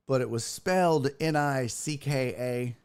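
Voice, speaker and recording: This sports show host has a medium-pitched, clear, resonant voice that's a little mellow and slow-paced. During casual live-stream chat he rambles, exclaims, and keeps breaking off mid-sentence.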